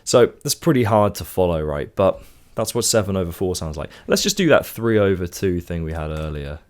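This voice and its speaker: A man's voice: deep voice, sing-song, fairly quick, a little mellow. A man from the United Kingdom teaching a songwriting lesson in a casual, step-by-step way, counting beats aloud. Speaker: music teacher. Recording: faint guitar and music behind.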